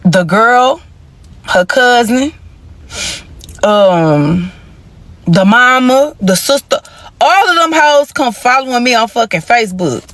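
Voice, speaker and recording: A woman telling a storytime vlog in an animated, profane and emphatic way. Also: fairly high pitch, slow pace, long pauses, no echo. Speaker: storytime vlogger.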